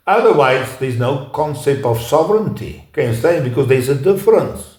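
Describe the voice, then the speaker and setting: A man giving an unscripted lecture, talking haltingly with frequent pauses and restarts. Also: mid-range voice, very animated. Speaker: speaker giving a talk. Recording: echoey room.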